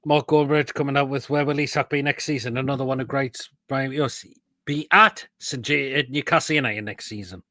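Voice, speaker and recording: A man's voice: mid-range voice, steady tone, a little fast, bright, forceful tone, dry recording. Male host of a live football chat show, blunt and sweary, dry close sound. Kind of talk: casual live football chat, reading viewer comments.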